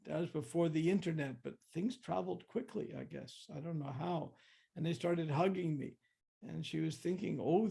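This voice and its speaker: A man's voice: a little high, gravelly, warm tone, husky. An older man giving a reflective storytelling talk, often restarting and acting out what people said. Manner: reflective, with many restarts and acted-out quotes. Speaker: guest speaker.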